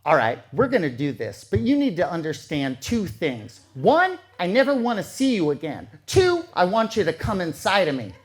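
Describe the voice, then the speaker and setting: A man voicing a strange young woman who speaks in a low, hushed, insistent voice. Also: wildly swooping pitch, moderate pace, few pauses. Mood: blunt.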